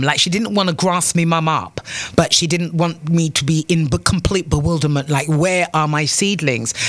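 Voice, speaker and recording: A woman's voice: sits low, no echo. Antiguan woman hosting morning radio. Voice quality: rambling, repeats words, warm asides to listeners. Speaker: radio talk show host. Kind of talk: morning call-in radio chat.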